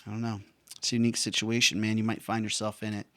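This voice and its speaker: A man's voice: fairly low pitch, completely flat delivery, fast talker, pushed and bright, no room sound. A man, a veteran and former helicopter pilot, rambling casually with slangy jokes. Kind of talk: casual monologue.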